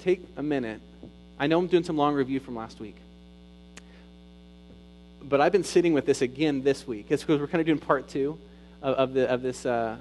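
A man preaching a sermon as pastor, rising to loud emphatic peaks and dropping to soft, intimate retelling. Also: mid-range voice, slight background noise, rough recording.

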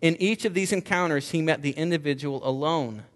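A man's voice: a little high, brisk, long reverb tail. A male pastor delivering an earnest sermon, stressing points with repeated rhetorical questions.

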